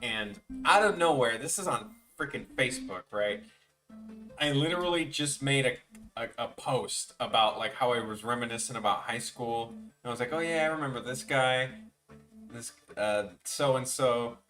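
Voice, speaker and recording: Medium-pitched and sharp in tone, this young man speaks at a normal speed while animating on a live stream. He spins rambling, foul-mouthed anecdotes and imitates others in casual chat as he draws. Faint music plays behind him, and his voice sounds slightly distant from the mic.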